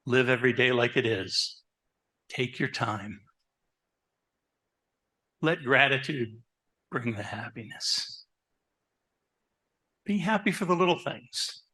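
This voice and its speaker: A man who works as a therapist, giving a lively talk to an audience, asking them questions and telling stories about his own life. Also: medium pitch, slow, long pauses. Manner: animated, asks the audience questions; personal anecdotes, conversational. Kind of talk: live presentation to an audience.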